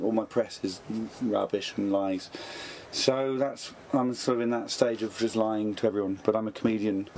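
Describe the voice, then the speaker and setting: A man in his thirties, a comedian guest in an interview, talking in a dry, deadpan, jokey way. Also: fairly low pitch, slight background noise. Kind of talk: casual interview chat. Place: backstage dressing room at a festival.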